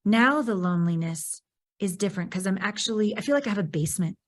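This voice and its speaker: A woman hosting a podcast in candid conversation, expressive and acting out her own reactions in animated bursts. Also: mid-range voice, fast. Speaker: podcast host.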